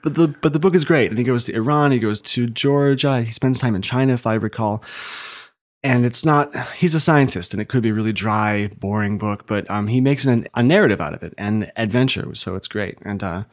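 A man who works as a sommelier, telling a travel story in a casual, animated chat. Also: mid-range voice, fairly quick. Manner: animated storyteller, puts on silly accents. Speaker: sommelier and podcast host.

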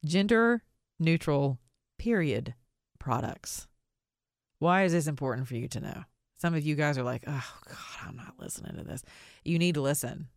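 A woman with a notably low voice delivers an opinionated podcast monologue. She is blunt and sarcastic, slowing down to lean hard on single words. The sound is dry and close, with no room around it. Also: no echo. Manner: emphatic, stresses single words slowly for effect. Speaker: podcast host.

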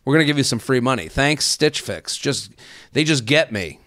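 Male podcast host, mid-range voice, playful and animated on a sponsor spot, dry close mic. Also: normal speed, dry recording. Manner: animated and jokey, often jumps up in pitch. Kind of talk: sponsor ad read.

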